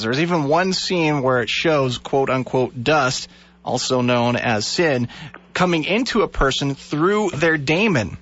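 Earnest male radio host, slightly high voice. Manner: earnest, animated storytelling with laughs. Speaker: radio talk show host. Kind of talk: Christian call-in radio chat. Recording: dull lo-fi radio broadcast.

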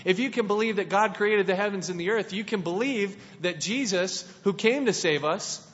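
A man's voice: high voice, moderate pace, fairly bright tone. A man giving a casual sermon, playful and conversational, with many restarts. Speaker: preacher. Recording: dull, lo-fi sound in a reverberant hall.

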